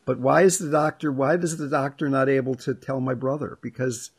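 A middle-aged man hosting a reflective conversation, speaking in a thoughtful, unhurried way and sharing personal stories. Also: mid-range voice, fairly even intonation, gravelly, husky.

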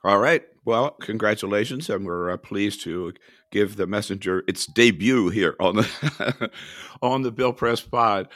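A man hosting a political podcast, brisk and conversational as he hands off to guests by name. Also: fairly low pitch, a bit bright, no echo, studio quality. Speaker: podcast host. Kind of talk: casual political podcast chat.

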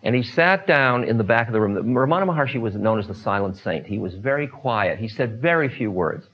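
A man telling spiritual stories to listeners in an unhurried talk, pausing often with fillers. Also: medium pitch, lively intonation. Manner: unhurried, many pauses and fillers. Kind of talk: storytelling talk. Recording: dull lo-fi recording.

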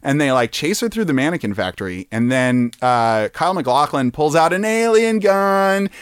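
A man on a podcast chatting casually, retelling a movie plot in a halting, rambling way with lots of fillers. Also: fairly high pitch, sing-song, clear, resonant tone, dry recording. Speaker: podcast host.

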